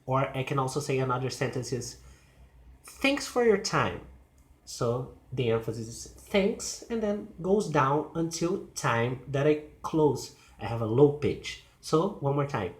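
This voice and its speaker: Male language teacher, slow and measured, lively pitch, roomy room sound. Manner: deliberate, with frequent pauses and fillers. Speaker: English pronunciation teacher. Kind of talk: slow explanatory lesson.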